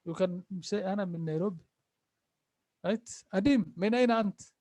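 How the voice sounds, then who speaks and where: A man teaching an Arabic class, repeating phrases slowly and patiently for his students. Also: sits high, dark tone, no room sound. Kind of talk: online language class.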